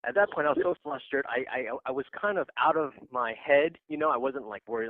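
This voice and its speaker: A man guest on a podcast, telling an anecdote in a casual, animated way, laughing often and using many fillers. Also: mid-range voice, fast, few pauses, dry recording. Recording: dry phone-like podcast audio.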